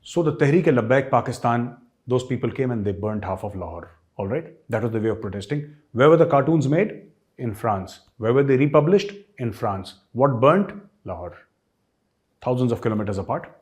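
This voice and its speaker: A man's voice: mid-range voice, darkish tone. A man with an Indian English accent giving an emphatic, sarcastic political commentary as a host, full of rhetorical questions. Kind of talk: opinion commentary.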